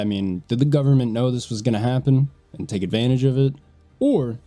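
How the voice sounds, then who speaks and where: Man, stuffy nasal voice, low-pitched, mellow tone, blunt casual history narration, soft music underneath. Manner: blunt, conversational, swears casually. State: nasal and congested from a sinus infection. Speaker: history video host.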